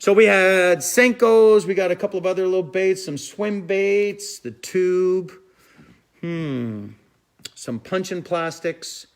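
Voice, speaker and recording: Man, fishing stream host; chatty, rambling, a touch high-pitched. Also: slow pace. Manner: rambling, chatty, repeats "I'm telling you". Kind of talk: casual live stream chat, answering viewers.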